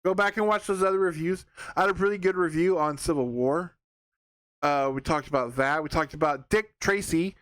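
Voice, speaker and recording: A young man talks through a film review in a loose, rambling way, full of fillers and false starts. His voice sits a little high for a man and sounds smooth and clear. The recording is dry and close, with no room sound. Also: brisk, fairly bright tone, no echo. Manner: rambling, sarcastic, lots of fillers and restarts. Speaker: movie reviewer. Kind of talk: casual spoken film review.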